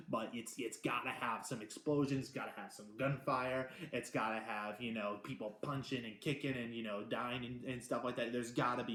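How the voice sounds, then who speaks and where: A man hosting a casual movie review, talking in an excitable, rambling way with many restarts and the odd swear word. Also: mid-range voice. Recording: roomy echo.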